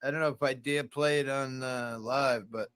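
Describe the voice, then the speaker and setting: A man's voice: medium pitch, steady tone, moderate pace, a bit bright, clean tone, no echo, clean studio sound. A man in a casual group chat, talking in a laid-back, drawling way.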